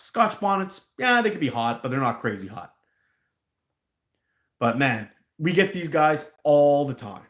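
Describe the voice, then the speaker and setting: Rambling man telling stories in an echoey room. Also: a little high. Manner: rambling, animated storyteller who laughs at his own stories. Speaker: hot sauce maker hosting a live stream. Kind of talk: casual live-stream chat. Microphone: handheld mic pulled out.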